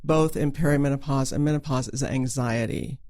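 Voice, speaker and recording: A woman's voice: a bass voice, fairly even intonation, fairly quick, dark tone. A woman hosting a podcast interview in a chatty way, with many ums and restarts. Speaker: podcast host, family nurse practitioner.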